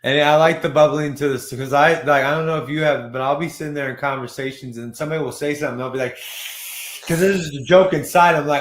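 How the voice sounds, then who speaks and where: A man's voice: a little high, fairly even intonation, fast talker, fairly bright tone, echoey room. A man hosting a casual talk show, chatting in loose, profane, jokey banter. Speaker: podcast host. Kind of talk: casual interview chat.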